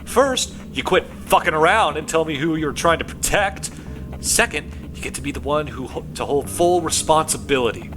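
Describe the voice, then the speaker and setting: A man voicing a gruff male police detective who needles a suspect and bursts into shouted threats, with game music behind. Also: a little high, expressive, moderate pace, pitched above the performer's own voice, lightly acted. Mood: pressing.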